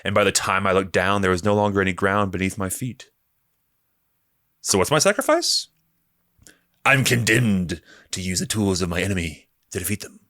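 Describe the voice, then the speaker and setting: A man reading aloud as a grim, world-weary male rebel spymaster, with a slow, weighty delivery that builds to a shout. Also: low-pitched, animated, no echo, studio quality. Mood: solemn. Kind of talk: dramatic reading of a monologue.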